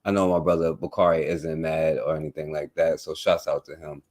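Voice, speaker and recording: Male internet radio host, very low voice, relaxed and loose, casual chat with fillers. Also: brisk. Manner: laid-back, loose, with many fillers and shout-outs. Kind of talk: casual talk radio sign-off.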